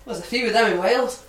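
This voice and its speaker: Woman, high voice, podcast co-host, laughing banter, swears, off-mic, echoey room. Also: a bit bright, distant mic. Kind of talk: casual chat and reading news stories. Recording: roomy recording from off-mic.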